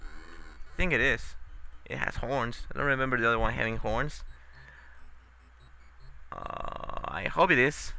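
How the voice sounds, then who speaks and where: A man's voice: mid-range voice, animated, unhurried, vocal fry, pauses often, sharp tone, slight background noise. A young man giving casual, sarcastic let's-play commentary, swearing often and muttering in frustration at the game.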